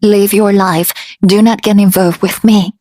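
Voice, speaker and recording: A woman's voice: medium pitch, steady tone, a little slow, dark tone, no room sound, clean studio sound, lightly acted. A woman voicing a pleading, heartbroken young princess. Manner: pleading, tender.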